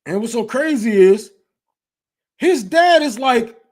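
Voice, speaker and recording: A young man from Detroit hosts a livestream and rants in a blunt, heated, profanity-laden way. His voice sits high for a man, and he talks fast and loose like casual talk among friends. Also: animated. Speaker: livestream host.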